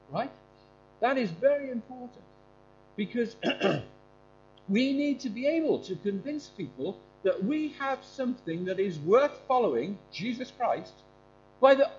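Male preacher, high and animated delivery, informal talk with questions for the congregation; muffled recording. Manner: animated, quizzing listeners. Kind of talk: informal sermon with questions to the audience. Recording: dull lo-fi with faint hum.

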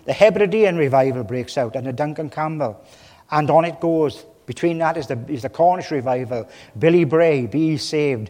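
A man's voice: a little high, a little mellow. Male preacher, from Wales, passionate sermon delivery with big dynamic swings, recorded in a reverberant hall. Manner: impassioned, swelling and dropping in volume. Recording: long reverb of a large hall.

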